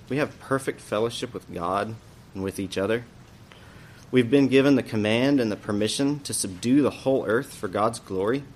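A man's voice: mid-range voice, slight background noise, close to an everyday voice. Eve, a trusting first woman, as a male teacher reads her reply.

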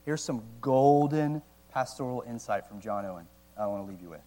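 A man giving a casual, conversational sermon to young adults, animated at times and slowing down to read old quotes aloud. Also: medium pitch, rough recording. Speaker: college ministry teacher. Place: church meeting room.

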